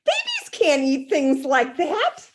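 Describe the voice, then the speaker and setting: A woman's voice: high-pitched, wildly swooping pitch, takes it slowly, voice pushed up, full character voice. A woman voicing a fretful young mother in a storybook read-aloud, alarmed and scolding.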